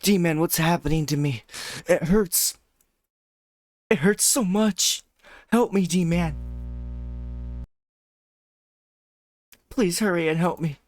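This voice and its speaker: A man's voice: deep voice, animated, normal speed, pauses often, no echo. A man voicing a lovestruck possessive game girl. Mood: anguished. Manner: reading game dialogue aloud, swinging from teasing to anguished. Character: lovestruck possessive teenage girl from a visual novel. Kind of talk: reading a game character's lines aloud. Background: loud game music.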